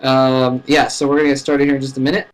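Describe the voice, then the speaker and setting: A man casually commentating a live match from his home computer, chatty and laughing often, his voice rising sharply at exciting moments. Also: mid-range voice, quick pace, low-quality recording. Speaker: esports caster. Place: home room.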